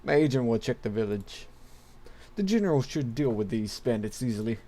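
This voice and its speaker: A man's voice: mid-range voice, lively intonation, fairly quick, dark tone, close to an everyday voice. A man reading the lines of a firm, fatherly king in a plain voice.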